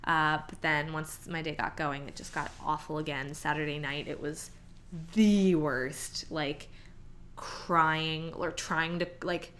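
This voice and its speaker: A woman's voice: deep voice, fairly bright tone. A young woman chatting casually in a pregnancy vlog, full of "like" fillers, now and then acting out her own reactions. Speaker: vlogger.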